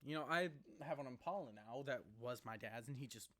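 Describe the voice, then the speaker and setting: A young man vlogging casually into a laptop mic, rambling and laughing as he talks, sometimes rushing and sometimes slowing down. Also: mid-range voice, lively intonation, a bit bright. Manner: rambling, laughs often, jumps between fast and slow. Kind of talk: casual to-camera vlog.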